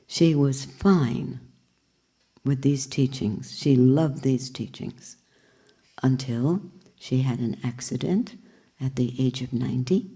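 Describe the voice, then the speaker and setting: An older woman leads a spiritual talk to a group in a low, mellow voice. She is reflective and questioning, with touches of gentle humor. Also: slow, breathy edge. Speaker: spiritual teacher.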